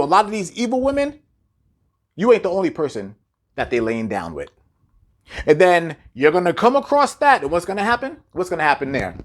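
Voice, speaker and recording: A man preaching a blunt, profane monologue straight at his listeners. His voice sits fairly high and swings widely in pitch, hammering home points with repeated rhetorical questions. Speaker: commentator.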